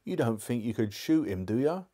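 A man voicing a blunt old cab driver with a Cockney accent, speaking gruffly, read aloud live from a storybook. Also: mid-range voice, big pitch swings, normal speed, mellow. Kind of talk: live audiobook reading.

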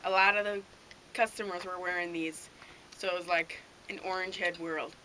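A woman playing a dim, cheerful male deer hunter in an improvised comedy sketch, telling a rambling story in a deadpan way over a noisy home video recording. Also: lowish voice, normal speed.

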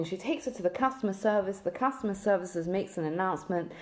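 A woman's voice: medium pitch, quick pace. A woman teaching a lesson on a religious text, speaking earnestly and telling a story with frequent restarts.

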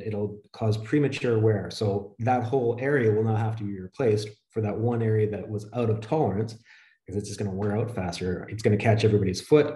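Low, mellow-voiced man presenting slides. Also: echoey room. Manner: steady explanatory delivery, conversational. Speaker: webinar presenter on flooring.

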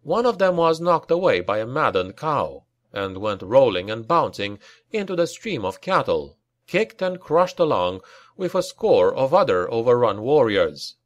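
Male narrator for grim fantasy audiobook, lively dramatic delivery, dead-dry booth sound. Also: no echo, dull audio. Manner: dramatic reading, raising pitch for shouted lines. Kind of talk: scripted narration.

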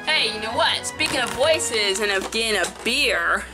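A woman's voice: fairly high pitch, lively intonation, normal speed, few pauses. A woman reading bad fan fiction aloud in character, with mock-dramatic, teasing asides. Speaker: reader in character. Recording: distant mic with music behind.

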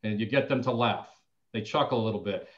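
A man who sells insurance, sharing phone-call tips in a casual, animated way and acting out both sides of a call. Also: on the low side, quick pace, a little hiss or hum. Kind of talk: casual sales training talk.

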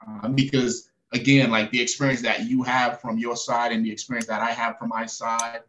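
A man's voice: medium pitch, flat delivery, moderate pace, a bit bright, highs cut off. A middle-aged man speaking as a guest in a casual conversation, earnest and agreeable, with many fillers. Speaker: guest, Navy SEAL.

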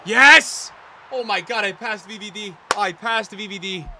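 A man streaming a football video game, with a high, very bright voice. He talks to his chat in slang and repeats himself, swinging from shouted complaints to quiet muttering. A faint noise hums under the recording. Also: fairly even intonation, normal speed. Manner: swings between shouted outbursts and low muttering. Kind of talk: live gameplay commentary.

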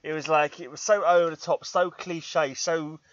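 Middle-aged English vlogger, English accent, slightly high voice, tired, self-mocking ramble, dry dull laptop sound. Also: male voice, steady tone, moderate pace, a bit bright, no echo. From England. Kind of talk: casual vlog monologue. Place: his room. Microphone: laptop microphone.

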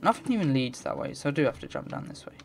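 A man's voice: fairly high pitch, lively intonation, rapid-fire, creaky, darkish tone, a little hiss or hum. A man giving let's play commentary, muttering to himself and swearing in frustrated rants. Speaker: gamer.

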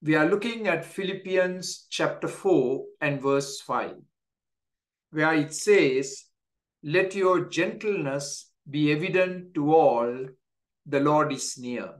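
Man, pastor, devotional sermon, unhurried delivery, fairly high voice. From Canada. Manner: slow, deliberate, repeats key phrases for emphasis.

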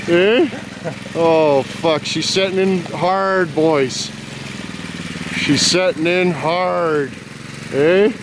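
Man, raucous cussing commentator, slow drawl, outdoor cam with engine racket. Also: sits high. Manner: swears constantly, laughs, hollers. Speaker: vlogger filming friends. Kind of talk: profane excited play-by-play commentary. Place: outdoors in a yard. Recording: outdoor camera audio with engine noise. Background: small engine revving.

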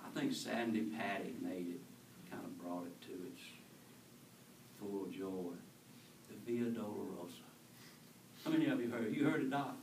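Man preaching in church, unhurried and earnest, picked up from across the room with faint hiss. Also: fairly low pitch, a little mellow. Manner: earnest, conversational, asks the congregation questions. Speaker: pastor. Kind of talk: sermon. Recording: echoey church from far off.

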